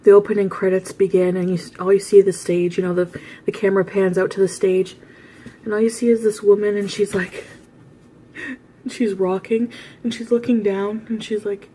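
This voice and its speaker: A woman talks straight to her viewers in a relaxed home vlog, with a middling pitch. She rambles through a story, stacking asides and breaking into quick laughs. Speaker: vlogger host.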